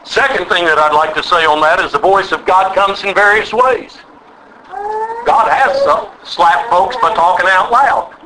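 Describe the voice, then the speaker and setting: Older man preaching in a high bright voice. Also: a little hiss or hum, rough recording. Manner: emphatic, call-and-response preaching. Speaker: pastor. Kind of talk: sermon.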